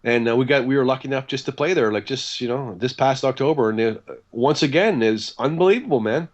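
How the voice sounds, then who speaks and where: A man telling stories from his band days with lively energy, slipping into the voices of the people he quotes and leaning on easy fillers. His voice sits in an ordinary middle register. The recording is a little dull and lo-fi. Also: mid-range voice, fairly quick. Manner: animated, acts out quoted dialogue, chatty with fillers. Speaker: guest guitarist. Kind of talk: casual interview storytelling.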